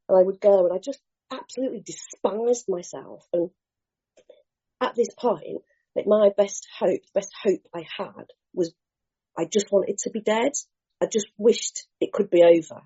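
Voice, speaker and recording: A woman's voice: medium pitch, normal speed, breathy edge, highs cut off. A woman, speaking at a recovery meeting and telling her story earnestly and with animation. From England. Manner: earnest, animated storytelling, mimics other voices. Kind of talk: personal share at a recovery meeting.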